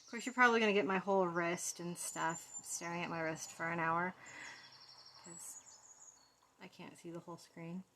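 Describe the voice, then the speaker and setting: A woman giving a casual walkthrough of a tarot deck, soft-spoken and fond as she muses over each card. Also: on the low side, steady tone, moderate pace, slight background noise.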